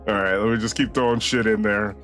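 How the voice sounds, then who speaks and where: A man's voice: fairly low pitch, steady tone, fast, music in the background. Giggly, tired man streaming a game. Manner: giggly, rambling, swearing. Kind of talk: casual gameplay commentary.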